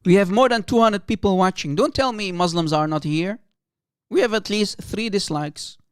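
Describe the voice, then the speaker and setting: A man's voice: high voice, normal speed, clear, resonant tone, no echo, clean studio sound. A man hosting a livestream, giving heated, sneering commentary on a clip and laughing often. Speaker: livestream host.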